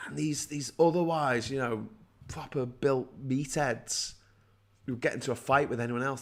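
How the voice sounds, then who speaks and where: A man in his forties delivering an angry political rant. He is sarcastic and swears freely, with quick bursts of talk that trip over restarts and repeated words. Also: mid-range voice. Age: 40s. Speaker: host. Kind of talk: ranting political commentary.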